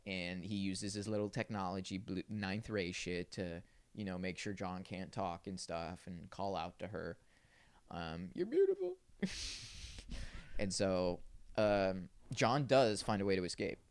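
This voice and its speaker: A man's voice: sits low, fairly even intonation, unhurried, smooth, no echo. A man co-hosting a podcast, casually recapping a film in laid-back slang and acting out the characters' lines. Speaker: podcast co-host.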